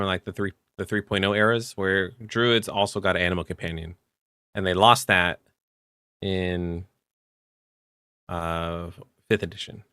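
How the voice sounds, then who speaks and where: A man co-hosting a podcast, chatting casually about tabletop game rules with relaxed fillers. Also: on the low side, no room sound, studio quality. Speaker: podcast co-host.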